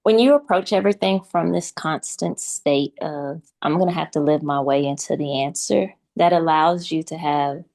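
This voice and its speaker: A woman with a low voice offering a thoughtful point to her group. She speaks hesitantly, with pauses and fillers. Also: darkish tone. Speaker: community member.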